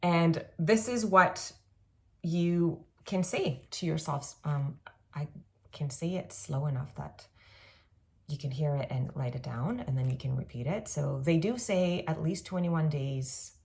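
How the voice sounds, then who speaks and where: A woman in her thirties talking casually and reflectively in a self-help monologue, often pausing on "um" and "like". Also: low voice, creaky. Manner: gentle, reflective, with frequent "um" and "like".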